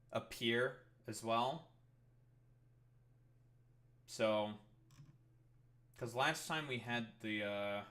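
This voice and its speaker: A man's voice: medium pitch, bright, forceful tone. A young man streaming, chatting casually in a rambling, sarcastic way with lots of swearing. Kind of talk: casual live-stream commentary.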